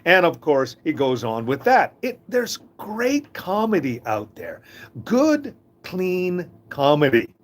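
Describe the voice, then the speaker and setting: An older man from Canada telling warm family anecdotes in a casual, chuckling monologue. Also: fairly high pitch, a little slow, few pauses. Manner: chuckling, folksy, lively storyteller. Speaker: host of a short inspirational talk.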